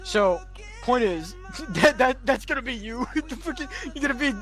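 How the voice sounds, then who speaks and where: A man with a fairly high voice runs a squad debrief over game chat, blunt and quick to swear. His tone stays casual. Faint music hums underneath. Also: animated, a bit bright.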